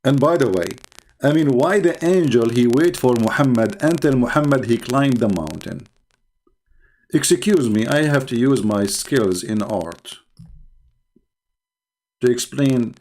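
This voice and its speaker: A man's voice: mid-range voice, darkish tone. A man with an Arabic accent hosting a debate stream, talking in a sarcastic, theatrical way. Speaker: debate host. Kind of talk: mocking debate commentary. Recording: noisy background.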